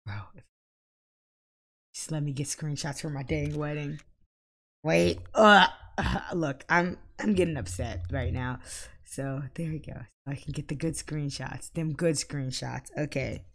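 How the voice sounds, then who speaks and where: Exasperated woman with a gravelly voice. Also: deep voice, unhurried, fairly bright tone. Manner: exasperated, scolding her game characters aloud. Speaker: gaming channel host. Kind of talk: let's play commentary.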